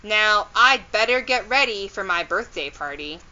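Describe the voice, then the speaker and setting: A woman voicing a friendly adult male mayor in a children's storybook read-aloud, genial and unhurried. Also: medium pitch, animated, sharp tone, lo-fi sound.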